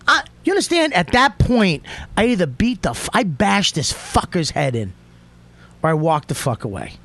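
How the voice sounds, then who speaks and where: A man hosting a podcast, telling a heated story in a profane, emphatic way that keeps swinging into shouting. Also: high voice, sing-song, normal speed, dry recording. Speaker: podcast host.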